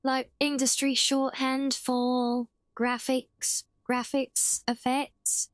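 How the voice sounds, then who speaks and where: A woman's voice: sits high, level tone, very slow, dry recording. A British woman streaming a game live, chatting casually, often correcting herself mid-sentence and answering her chat. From Britain (half English, half Welsh).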